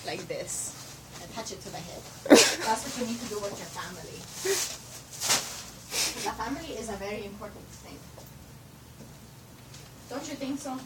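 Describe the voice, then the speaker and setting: At home, a young woman who's a roommate adopts a playful, giggly foreign accent and broken English, slipping in stray "to the" phrases. Her natural, medium-pitched voice has lively intonation at a moderate pace with frequent pauses, and the noisy video was filmed from a distance.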